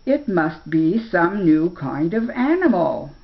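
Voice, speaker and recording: A woman's voice: lowish voice, sing-song, takes it slowly, heavily acted. An older woman voicing a lazy, vain, toothy male forest beast who talks in a languid, lordly way. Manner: languid, self-satisfied, lordly. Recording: dull lo-fi recording.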